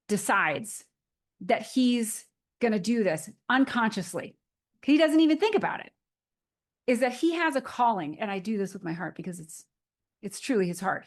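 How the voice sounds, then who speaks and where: A woman in her forties, a motivational speaker with a slightly high voice, talks casually to camera. She retells movie scenes in a chatty, storytelling style.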